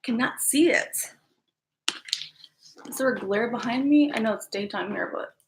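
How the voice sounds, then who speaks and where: A woman's voice: fairly high pitch, a little slow, creaky, reverberant. A woman hosting a casual live stream from an upstairs room at home, chatty and apologetic, often calling her viewers "guys".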